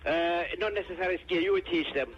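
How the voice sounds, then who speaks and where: A man's voice: high-pitched, fast talker, soft background music. Greek-accented man on a muffled phone line. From Greece. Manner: broken English, polite. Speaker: caller. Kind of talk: phone-in chat.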